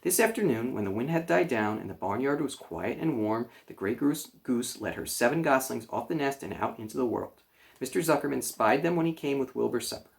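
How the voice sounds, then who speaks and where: A man reading a children's chapter book aloud, gentle storytelling with small slips. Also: medium pitch, animated, fairly quick, gravelly. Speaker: children's librarian reader.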